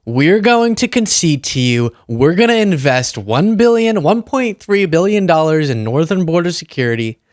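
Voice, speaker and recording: A man putting on a mock-obsequious voice for a leader who flatters a strongman. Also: on the high side, moderate pace, hardly any pauses, no room sound, clean studio sound. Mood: fawning mockery.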